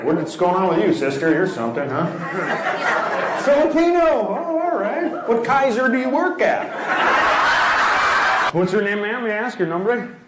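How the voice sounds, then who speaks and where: A man doing crowd work as a stand-up comedian, brash and teasing, firing off quick punchlines on a club stage. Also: high-pitched, very animated. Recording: echoey club with loud crowd noise.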